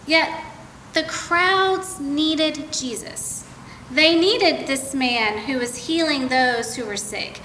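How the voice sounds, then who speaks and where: High, bright-voiced woman preaching a sermon. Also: echoey room, a little hiss or hum, poor audio. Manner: storytelling, conversational preaching. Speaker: pastor.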